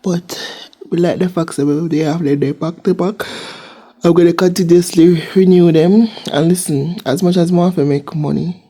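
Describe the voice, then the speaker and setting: A woman's voice: lowish voice, steady tone, normal speed, mellow, slightly rough. A young woman with a Jamaican accent chatting casually in a vlog from her home kitchen, rambling and repeating herself. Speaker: vlogger, seasonal worker.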